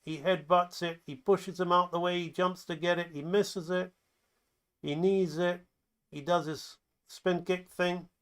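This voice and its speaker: Speaking at a measured pace in a high-pitched, clear and resonant voice, a man who teaches animation runs through his own animatic play by play. He's animated and excited, acting out the scenes, while his loose, chatty delivery includes fillers and restarts.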